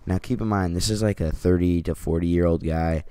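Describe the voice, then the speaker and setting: A man's voice: sits low, steady tone, moderate pace, dark tone, smooth, no echo. A teenage boy at home telling a story in a casual, rambling way, saying "like" a lot and swearing. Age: teens. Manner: rambling, heavy use of "like", swears. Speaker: vlogger.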